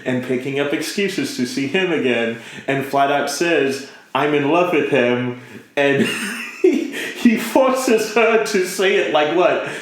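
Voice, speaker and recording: A man's voice: fairly high pitch, animated, slow pace. A man chatting casually about a show he likes, laughing often and acting out the characters' lines. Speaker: podcast co-host. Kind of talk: casual anime review chat. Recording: echoey room.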